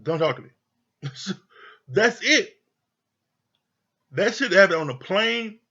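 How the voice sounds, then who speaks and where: A man with a fairly high, bright voice talks through a reality show episode in loose, profane commentary, slipping into quoted lines as he goes. The sound is a little dull and lo-fi. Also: very animated, takes it slowly. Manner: candid, profane, retells scenes with quoted voices. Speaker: show reviewer. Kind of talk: casual recap commentary.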